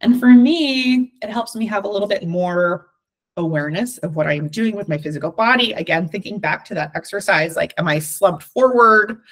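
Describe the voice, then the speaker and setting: A woman's voice: medium pitch, moderate pace. A woman from Southern California with a Valley Girl accent, giving an encouraging, chatty workshop talk with frequent ums. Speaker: workshop speaker.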